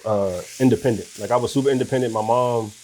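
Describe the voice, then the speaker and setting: A man from Washington, D.C., a guest author and musician, telling long stories in a relaxed way. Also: mid-range voice, quick pace, slight background noise. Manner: laid-back, talks in long rambling stories. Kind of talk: casual interview storytelling.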